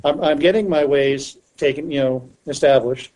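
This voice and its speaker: A man's voice: a little high, moderate pace, darkish tone, rough recording. A man chatting on a podcast panel, talking in a rambling, hesitant way with many restarts. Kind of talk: casual chat.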